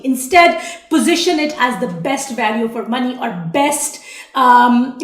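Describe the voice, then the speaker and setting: A woman's voice: high-pitched, echoey room. A woman teaching sales copy in a blunt, sassy way, swearing casually as she goes. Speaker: online marketing coach. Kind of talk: talking-head teaching video.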